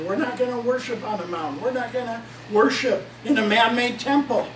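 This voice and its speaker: A man with a very high voice preaches a fervent sermon, reading long passages of scripture aloud. He stands some way back from the microphone, and the room around him rings with echo. A faint hum sits underneath. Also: a bit bright. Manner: fervent, quotes scripture at length. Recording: echoey room, mic at a distance.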